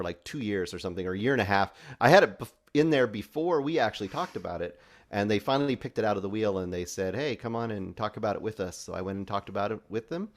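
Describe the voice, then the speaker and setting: Man, podcast co-host, lively pitch, self-mocking, laughing. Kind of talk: casual podcast chat.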